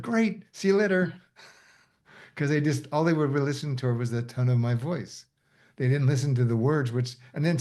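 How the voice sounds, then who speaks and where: A middle-aged man facilitating a coaching session, speaking softly and haltingly with many fillers. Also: mid-range voice. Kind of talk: reflective group discussion.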